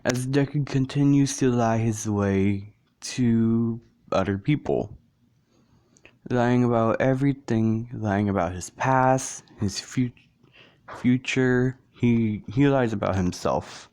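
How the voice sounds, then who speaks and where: A man's voice: mid-range voice, takes it slowly, darkish tone. A man casually narrating a fan story, rambling and correcting himself as he goes.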